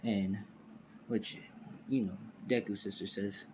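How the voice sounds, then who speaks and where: A man's voice: lowish voice, steady tone, slow, background noise. A man improvising a fan story aloud, rambling with many fillers and restarts, recorded on a phone. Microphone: phone screen recorder.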